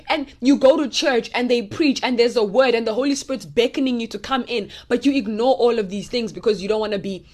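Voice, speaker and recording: A young woman giving a casual, animated Bible teaching, talking straight to her listeners in a direct, preachy way. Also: fairly high pitch. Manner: animated, preachy and direct, speaking to viewers as y'all.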